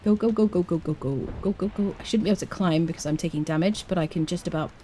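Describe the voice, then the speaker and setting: A woman's voice: on the low side, fast talker, dark tone, slight background noise. A woman streaming a survival game, chatting playfully with her viewers and laughing often. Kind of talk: live game commentary.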